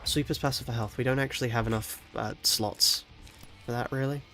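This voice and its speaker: A man with a congested head cold talks through his game in a soft, subdued voice at a middling pitch. His commentary is low-key and casual, with faint music under it. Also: fairly even intonation, fairly quick. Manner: soft, low-volume talk with sighs and small laughs. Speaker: game streamer.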